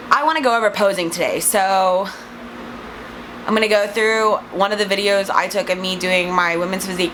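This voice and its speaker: A woman in her twenties, a fitness vlogger and online trainer, chatting to camera in a rambling, self-deprecating way. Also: fairly low pitch. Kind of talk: casual to-camera chat. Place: room with a fan running. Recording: fan noise clearly audible. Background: steady fan hum.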